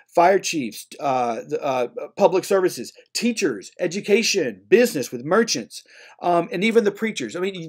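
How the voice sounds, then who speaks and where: This man's voice is husky and on the high side as he gives a conversational literature lecture, regularly asking "okay?" and "right?". He's animated, voicing characters as he retells.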